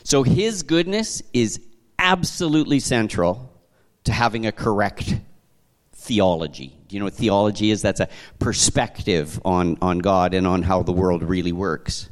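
Canadian pastor preaching conversationally. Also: male voice, on the low side, unhurried. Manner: conversational, animated storytelling with frequent restarts. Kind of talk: sermon.

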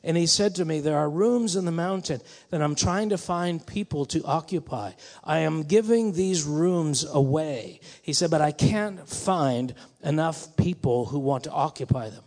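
A man's voice: on the high side, measured pace, few pauses, darkish tone. A man preaching a sermon in a conversational, musing way that rises to emphatic bursts. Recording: long hall reverb.

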